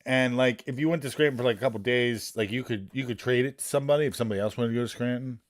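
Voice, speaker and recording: A man's voice: mid-range voice, racing. A man, a poker streamer telling long rambling stories in casual, profane chat.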